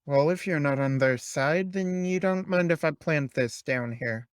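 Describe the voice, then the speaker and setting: Guy doing a tough young woman fighter, accusing, slow, dry sound. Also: on the high side, clear, resonant tone, no echo, natural voice. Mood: taunting.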